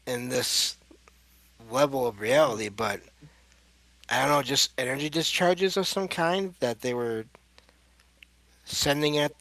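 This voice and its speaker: Gravelly-voiced male podcast host. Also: mid-range voice, a bit bright, no echo. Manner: thoughtful, searching for words. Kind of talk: casual interview talk.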